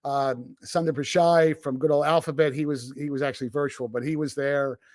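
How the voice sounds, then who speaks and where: A man hosting a tech podcast in casual chat, talking in an animated way with lots of fillers and restarts. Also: a little high, a little fast. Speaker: podcast host and tech analyst. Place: remote recording.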